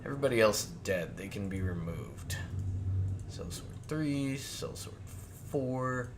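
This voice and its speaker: A man acting as game master, describing the scene at an unhurried, drawn-out pace and filling gaps with filler sounds. His voice sits at an ordinary pitch, with a faint hum of ambient noise behind it. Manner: relaxed, lots of filler sounds, laughs often. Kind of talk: narrating a tabletop game.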